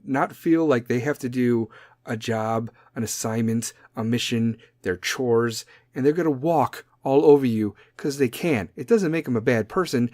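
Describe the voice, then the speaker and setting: A man's voice: mid-range voice, darkish tone, dry recording, studio quality. A man hosting his podcast, delivering a blunt, profane opinion monologue. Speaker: podcast host.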